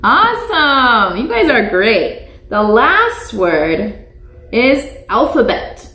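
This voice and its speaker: A woman teaching small children, speaking slowly and patiently with a fairly high voice. She repeats each word so the children can say it back. The sound is echoey, as if from a bare classroom. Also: huge pitch swings, a bit bright. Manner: slow, patient, repeats words for children to echo. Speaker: preschool teacher. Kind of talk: online lesson for young children. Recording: echoey room.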